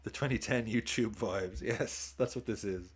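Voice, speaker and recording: A man's voice: on the low side, normal speed, breathy edge. A man streaming a live football watchalong, chatting casually, swearing, cheering goals and thanking viewers for tips.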